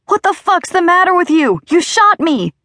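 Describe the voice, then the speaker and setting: Brief: a woman playing a shot male henchman, high strained screams of pain, dry booth audiobook. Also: sing-song, moderate pace, fairly bright tone, no echo, heavily acted. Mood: agonized.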